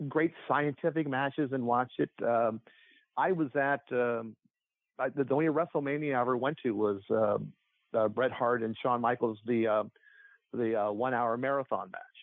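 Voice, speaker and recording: A man's voice: mid-range voice, normal speed, dry recording. A man chatting casually as a podcast guest, rambling with lots of fillers and restarts. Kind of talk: casual chat. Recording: tinny phone-like line.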